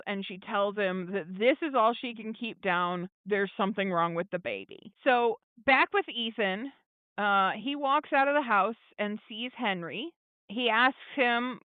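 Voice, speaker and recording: A woman's voice: a little high, no room sound. A woman co-hosting a podcast, recapping a TV episode in casual chat, chatty with lots of fillers and laughs. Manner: chatty, laughing, many fillers, quotes characters in quick asides. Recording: thin phone-like dry audio.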